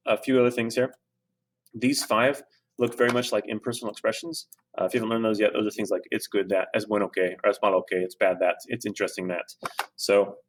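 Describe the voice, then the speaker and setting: A Spanish teacher with a lowish voice talks through a grammar lesson recorded from his screen. He's relaxed and conversational, dropping fillers and correcting himself along the way.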